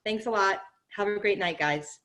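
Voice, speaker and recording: A woman's voice: medium pitch, normal speed, fairly bright tone. A woman hosting an online presentation, giving casual closing remarks to the audience over a video call. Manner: casual, friendly, addresses audience as "guys". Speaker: webinar host.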